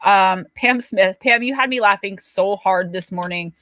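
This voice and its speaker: Middle-aged New woman, livestream host, bright tone, dry close sound, chatty and quick to laugh. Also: mid-range voice, dry recording. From Paterson, New Jersey. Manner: chatty, animated storyteller who laughs often. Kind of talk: casual livestream chat.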